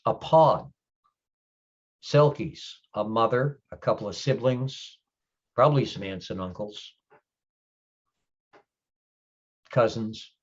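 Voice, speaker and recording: A man doing a grumpy changeling lord, gruff, husky, lowish voice, blunt, muffled stream audio. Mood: stern. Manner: blunt, swears, halting explanations.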